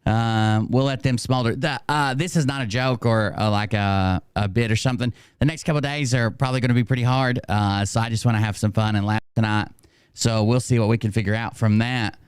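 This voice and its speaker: A man's voice: mid-range voice, steady tone, brisk, clean tone, no echo, clean studio sound. A man hosting a casual livestream, rambling and self-mocking, laughing often. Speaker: streamer host.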